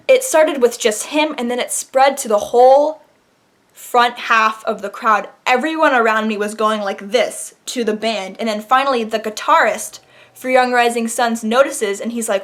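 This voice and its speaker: A young woman vlogger telling a dramatic personal story in an animated, casual way. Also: a little high, moderate pace. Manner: animated, dramatic retelling with laughs. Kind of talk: storytime vlog.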